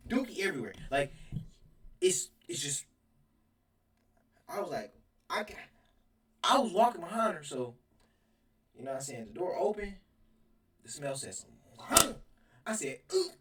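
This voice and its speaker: A young man telling a rambling, animated storytime, laughing as he goes. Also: on the high side, moderate pace, long pauses. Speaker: storyteller vlogger. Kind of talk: casual storytime. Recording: roomy sound from a distance.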